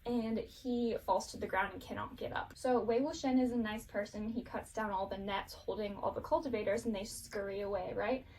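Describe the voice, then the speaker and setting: A woman's voice: mid-range voice, steady tone, moderate pace, few pauses, a little mellow, far from the mic, a little hiss or hum. A woman casually recapping a show, rambling and giggling, with lots of fillers.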